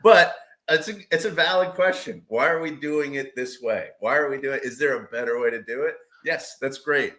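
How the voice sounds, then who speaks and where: A man's voice: mid-range voice, normal speed, bright, forceful tone. A man co-hosting a podcast, chatting casually and rambling through examples with acted-out quotes. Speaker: podcast co-host. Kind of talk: casual chat.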